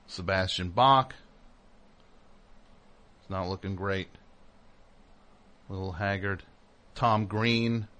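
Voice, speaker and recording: Casual host, male, animated storyteller who acts out other voices. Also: deep voice, slow, pauses often. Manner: animated storyteller, mimics people in raised voices. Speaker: comedy radio host.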